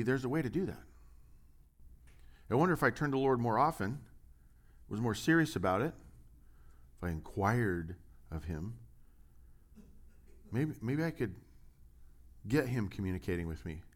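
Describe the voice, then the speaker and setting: A man preaching a sermon from a church stage, asking lots of rhetorical questions with a bit of humor. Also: lowish voice. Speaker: pastor.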